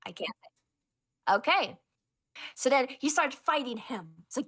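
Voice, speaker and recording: Woman running a tabletop game, high voice, slow dramatic narration, stumbles on words. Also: animated, a bit bright. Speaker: game master. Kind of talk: narrating a tabletop role-play.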